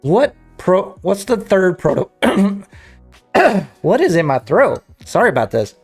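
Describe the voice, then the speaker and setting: A man hosting a casual gaming livestream, talking off the cuff with frequent restarts and throat-clearing. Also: high-pitched, very animated, measured pace, soft background music. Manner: rambling, self-interrupting, clears throat. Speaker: livestream host.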